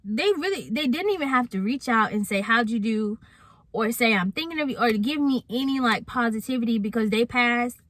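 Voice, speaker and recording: A woman's voice: a little high, a little fast, a bit bright, no echo. A young adult woman telling a personal story in a casual, candid vlog, chatting straight to her viewers. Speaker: vlogger.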